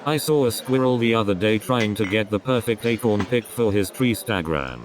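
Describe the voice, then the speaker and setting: A man's voice: on the low side, lively intonation, moderate pace. A man doing a stand-up comedy routine, rambling through setups and repeating his catchphrases. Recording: crowd noise behind the voice.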